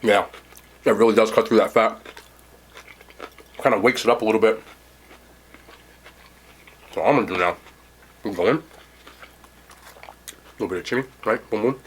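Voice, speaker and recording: This man's fairly low voice moves at a moderate pace with long pauses as he eats and chats through a casual mukbang food review, sitting indoors at home. A little hiss or hum sits under the recording.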